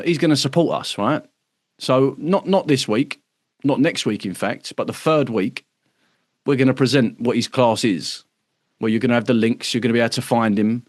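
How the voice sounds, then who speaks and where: A man's voice: mid-range voice, no echo, clean studio sound. A man hosting an online workshop, talking casually and emphatically, with lots of swearing and tag questions like "right?". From United Kingdom. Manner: acts out other people's voices mid-talk. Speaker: workshop host. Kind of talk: casual livestream talk to members.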